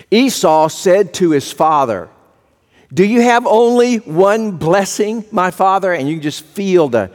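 A male pastor delivers a sermon in a folksy, storytelling style, frequently restarting on a repeated word. His voice is somewhat high for a man. Long reverb trails it through the church hall.

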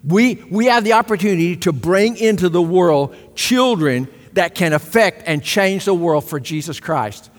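A man's voice: high-pitched, animated, normal speed, hardly any pauses, long reverb tail. A middle-aged man preaching a sermon, emphatic, repeating key phrases and asking the congregation for agreement. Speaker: pastor.

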